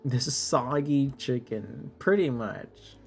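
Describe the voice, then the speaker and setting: A man chats through a late-night game stream, sleepy and a bit tipsy, with a slow, drawling delivery. His voice has a gravelly fry as he trips over words and pokes fun at himself. Faint game music plays under his talk. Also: medium pitch, lively intonation. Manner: drawling, self-deprecating, stumbling over words. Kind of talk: casual live-stream commentary, translating French game text.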